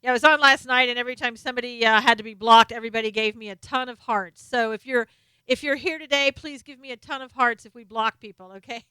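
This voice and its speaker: Talking fast in a fairly high, bright and forceful voice, a middle-aged woman runs a casual live stream and reads her viewers' names and comments aloud. The recording is clean and dry, though she sometimes drifts off-axis from her desk mic.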